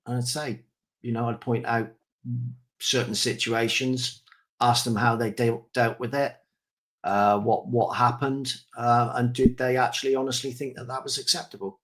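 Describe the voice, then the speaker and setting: A man with a mid-range voice joins the podcast from a remote call. He answers in a measured, slightly hesitant way, pausing to find his words. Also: medium pitch, level tone, a bit bright. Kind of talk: casual podcast chat.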